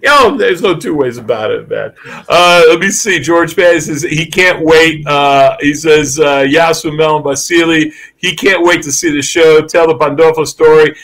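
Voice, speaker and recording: A man's voice: fairly high pitch, moderate pace, a bit bright. A man, a comedian hosting a casual chat show, telling stories animatedly and laughing often.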